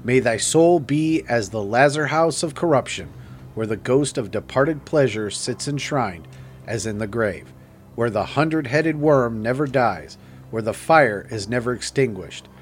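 A man's voice: mid-range voice, lively intonation, unhurried, slight background noise, close to an everyday voice. A man playing a fiendish stranger who speaks in theatrical, menacing old-fashioned declamation. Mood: menacing curse. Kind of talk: audiobook character reading.

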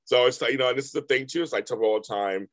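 A man co-hosting a casual chat podcast, emotional and animated, often repeating himself. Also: mid-range voice. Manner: animated, emotional, quick repetitions. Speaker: podcast co-host.

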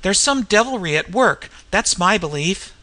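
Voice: mid-range voice, animated, normal speed, bright, forceful tone. A reader voicing a frightened, superstitious male railway inspector in a storybook, gasping and pleading. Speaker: storybook character.

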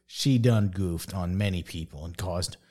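A man's voice: low-pitched, a little slow. A man swearing heavily while telling stories and reading news in casual podcast banter. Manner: profane storyteller, trails off quietly.

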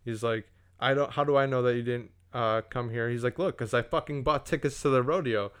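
A man's voice: medium pitch, brisk, smooth. A young man casually telling a profane story on a podcast, acting out what everyone said.

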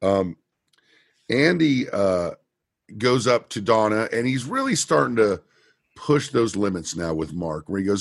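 A man co-hosting a podcast, casually recapping a TV episode and retelling scenes in an animated way. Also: lowish voice, unhurried, breathy edge, no echo, clean studio sound. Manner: animated retelling with quoted lines and laughs. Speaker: podcast co-host.

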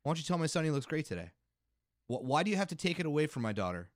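A man's voice: fairly high pitch, very animated, very fast, no echo, clean studio sound. A middle-aged father co-hosting a casual podcast, arguing heatedly and swearing as he makes his points. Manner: heated, profane and emphatic. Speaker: podcast co-host.

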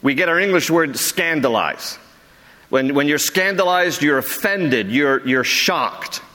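A male pastor teaching a Bible study in a conversational sermon style, lively and joking, repeating words when he stumbles. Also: a little high, a little slow, long reverb tail.

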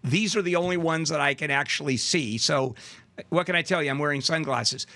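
A man's voice: a little high, a little fast, bright, forceful tone. A man hosting a radio talk show, rambling with plenty of fillers and restarts as he chats in the studio.

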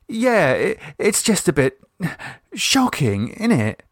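A flustered, chatty working-class woman, as a male narrator puts her on, pitched far above the reader's own voice. Her speech stumbles and swoops widely. The reading is close and dry. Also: wildly swooping pitch, no echo, exaggerated voice. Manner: flustered, halting, says innit.

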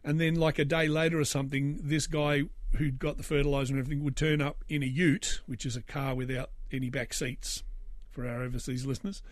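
A man's voice: medium pitch, little pitch movement, a little fast, no echo, studio quality. An Australian man in his forties telling a personal story, rambling with fillers and restarts and dropping wry asides. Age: 40s. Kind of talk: casual storytelling.

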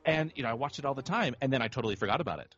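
A man's voice: mid-range voice, very fast, dull audio, faint music behind. A man talking casually and enthusiastically in a movie discussion, with frequent restarts. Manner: enthusiastic, animated with many restarts. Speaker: podcast panelist.

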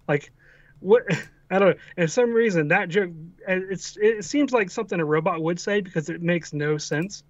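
A man co-hosting a podcast who reflects in a relaxed, meandering way. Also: high voice, normal speed, no room sound, lo-fi sound. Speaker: podcast co-host. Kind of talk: casual chat.

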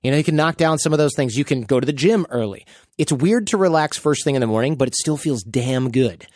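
A podcast host in his thirties talks in a relaxed, chatty way and slips into voices when he quotes people. His voice sits in a middle range and is recorded close and dry, with no room sound. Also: medium pitch, fairly quick, no echo. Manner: animated storyteller, acts out quotes. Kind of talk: casual podcast chat.

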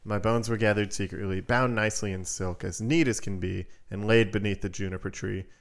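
A man's voice: fairly low pitch, steady tone, a little fast, close to an everyday voice. A man voicing a smug magical male songbird that chirps its song and then talks in an offhand, laid-back way. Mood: sing-song.

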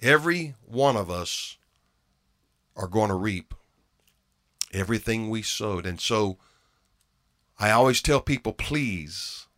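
A man's voice: fairly low pitch, expressive, slow pace, pauses often, a bit bright. A man preaching a sermon in an earnest way, often repeating phrases and restarting his words for emphasis.

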